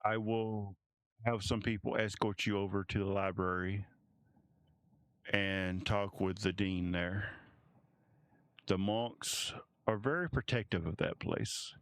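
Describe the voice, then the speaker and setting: A male game master narrates a fantasy scene at a slow, unhurried pace. His voice is somewhat low and smooth, and the recording is dry and close with no room echo. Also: steady tone, fairly bright tone. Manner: measured, descriptive narration.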